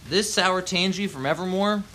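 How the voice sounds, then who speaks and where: This Baltimore, Maryland vlogger has a high, pushed, bright voice and speaks at normal speed over a faint hiss or hum. Out on his front porch in the rain, he rants angrily with plenty of profanity, dropping "man" and "yo" throughout.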